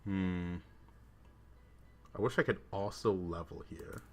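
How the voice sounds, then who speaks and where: Faint music plays behind a young streamer whose low, slightly mellow voice moves at a slow pace. He chats easily with viewers during a card game, commenting on it and answering their messages as he plays.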